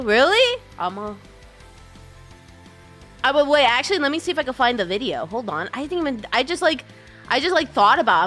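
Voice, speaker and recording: Bright, high-pitched woman streamer. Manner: giggly, chatty, greets viewers. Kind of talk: casual live-stream chat.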